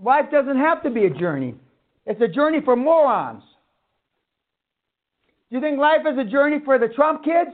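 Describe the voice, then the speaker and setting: A man's voice: extremely high pitch, very animated, normal speed, pauses often. A man giving a seminar talk, blunt and foul-mouthed, ranting at his audience. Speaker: seminar speaker. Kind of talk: profane motivational lecture. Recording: tinny phone-like sound.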